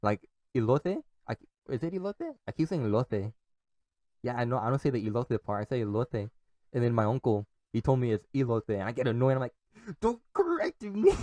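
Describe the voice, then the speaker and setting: Alone behind the mic, a young podcast host talks in a loose, profane ramble, laughing often, restarting sentences and letting others trail away. His voice is mellow and on the low side, captured in a dry recording.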